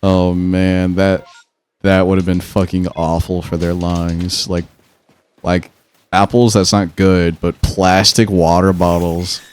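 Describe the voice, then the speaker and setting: A man's voice: low voice, level tone, slow, a little mellow, clear, resonant tone. A young man bantering on a gaming podcast, teasing his friends and swearing freely. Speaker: podcast co-host. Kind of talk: casual gaming chat.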